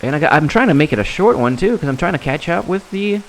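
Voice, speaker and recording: A man giving casual, rambling commentary while playing a game, halting and restarting his sentences often. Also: a little high, animated, slight background noise. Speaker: gameplay commentator.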